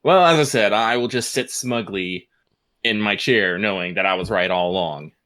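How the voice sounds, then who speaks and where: A man co-hosting a podcast, chatting casually and reading out listener mail in an animated way, laughing often. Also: lowish voice, normal speed. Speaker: podcast co-host.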